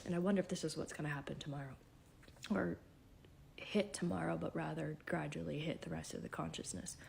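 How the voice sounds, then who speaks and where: A self-described psychic woman, tearful and shaken, talking in a halting, half-whispered voice in an emotional spiritual vlog. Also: sits low, steady tone, creaky, a little mellow, slight background noise.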